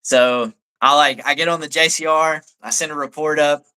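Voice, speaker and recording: Laid-back soldier telling a story. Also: male voice, on the high side, steady tone, moderate pace, pushed and bright, clean tone. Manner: laid-back, peppers speech with "like". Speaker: army staff sergeant guest. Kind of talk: casual storytelling on a live talk show.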